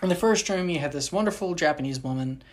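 A woman hosting a podcast, telling a story in a casual, animated, jokey way full of asides. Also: fairly low pitch, fast talker.

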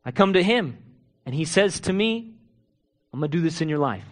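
A male pastor preaching a sermon, asking rhetorical questions and swinging between hushed, intimate moments and loud, urgent ones. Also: fairly high pitch, animated, moderate pace.

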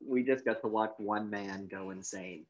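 A young man co-hosting a casual podcast movie review, retelling the plot with animated quotes of the characters. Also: lowish voice, normal speed, muffled recording. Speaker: podcast co-host.

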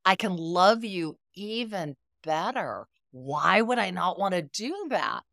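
A woman's voice: fairly low pitch, animated, slow pace, gravelly, a bit bright, no room sound, clean studio sound. A middle-aged woman guest on a podcast, telling stories expressively and acting out quoted dialogue. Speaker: guest, therapist. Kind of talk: podcast conversation.

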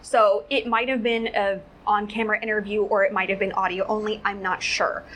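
A woman's voice: mid-range voice, little pitch movement, a little fast, fairly bright tone, slight background noise, low-quality recording. A woman hosting a casual commentary show, rambling and sarcastic, full of "like" fillers. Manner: rambling, sarcastic, heavy use of "like".

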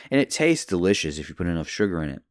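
Deep-voiced young man rambling casually. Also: very animated, racing, no echo, clean studio sound. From Kentucky, USA. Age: young adult. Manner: rambling, tangent-hopping, lots of "like". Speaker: podcast host. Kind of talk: casual solo podcast chat.

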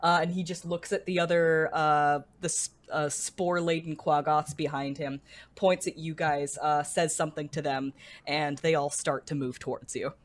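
Woman game master, low voice, hesitant narration with frequent fillers. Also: steady tone, normal speed. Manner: hesitant, many fillers and restarts.

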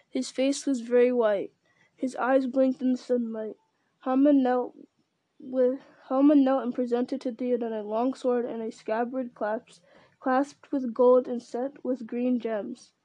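A woman reading a fantasy novel aloud in a measured way, with small restarts. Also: high-pitched, warm tone, dry recording. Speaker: reader.

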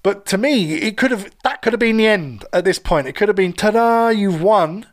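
A man, casually co-hosting a chat about a TV episode, retelling scenes in a sweary, animated way. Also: high voice, brisk. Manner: animated storytelling, acts out quoted voices, sweary. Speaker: podcast co-host.

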